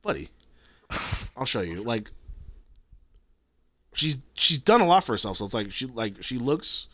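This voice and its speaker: A young man co-hosting a podcast, swearing and retelling text exchanges with jumpy pitch. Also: sing-song, measured pace, a bit bright, dry recording. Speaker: podcast co-host. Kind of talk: crude casual chat.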